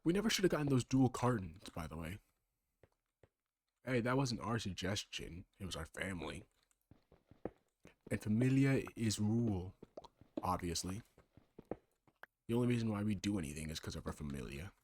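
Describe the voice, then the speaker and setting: A man's voice: fairly low pitch, big pitch swings, normal speed, pauses often, a little hiss or hum. A man in his twenties doing casual gaming commentary, rambling and sarcastic as he bickers back and forth with himself. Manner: bickers with himself in two alternating sides. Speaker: let's play creator.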